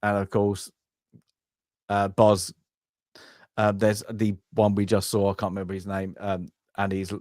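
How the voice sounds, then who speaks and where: A man's voice: lowish voice, completely flat delivery, unhurried, pauses often, darkish tone, dry recording, studio quality. A man co-hosting a casual film review podcast, rambling and acting out lines from the movie. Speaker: podcast co-host. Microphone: home podcast mic on a live stream.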